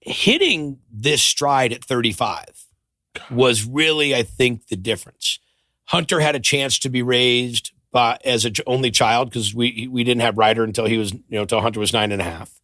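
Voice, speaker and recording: A middle-aged man chats as a podcast guest, spinning stories and slipping into the voices of the people he quotes. His voice is bright and forceful, caught on a close studio mic with a dry sound. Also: mid-range voice, moderate pace, no echo. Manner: animated storyteller who acts out quoted voices. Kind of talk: storytelling in casual chat.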